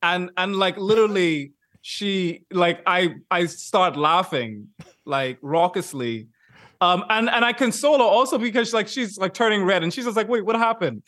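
A man chats on a podcast with animated, looping sentences full of fillers, breaking into laughter easily. His voice sits slightly high for a man. The recording is dry and close, with no room sound. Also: moderate pace, no echo. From Bahamas. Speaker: podcast guest, YouTuber. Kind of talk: casual podcast chat.

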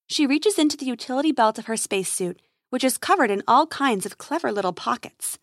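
A woman with a fairly high voice reads a children's space adventure aloud. Her delivery is lively and expressive. The sound is dry and close to the mic. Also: brisk, no echo. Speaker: storyteller. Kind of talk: narrating a children's adventure story.

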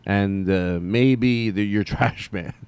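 A man's voice: lowish voice, takes it slowly, darkish tone, clear, resonant tone, no echo. A man hosting a podcast, rambling through a comedic story, joking, interrupting himself and laughing at his own lines. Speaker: podcast host.

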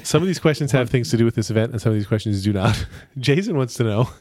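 Male podcast host, 40s, casual and jokey, mid pitch, dry mic. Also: expressive, fast, darkish tone, no room sound. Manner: jokey, reads listener questions. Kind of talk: casual chat.

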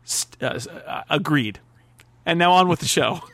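A man's voice: fairly high pitch, animated, moderate pace, a bit bright, no echo. A man from the United States hosting a casual panel chat, ranting in jokey mock-pompous bursts with laughs. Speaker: podcast host.

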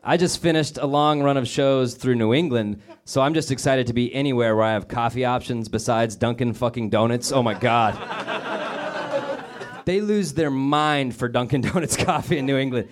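A man from Denver doing a sarcastic stand-up comedy set on stage with a handheld mic, often slipping into quick put-on voices. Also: medium pitch. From Denver, Colorado. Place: comedy club stage with a laughing audience. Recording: live club recording with audience noise.

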